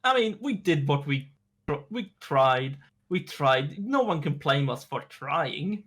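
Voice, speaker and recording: A man's voice: on the high side, animated, slow, fairly bright tone. A man playing a tabletop role-playing game, talking in a flippant, mock-panicked way. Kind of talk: casual in-character table talk.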